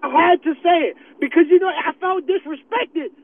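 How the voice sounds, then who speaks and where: A brash, profane man calling in from his car while he drives, his voice set high. The sound is thin and tinny, like a phone line, with road noise behind him. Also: normal speed. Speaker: caller.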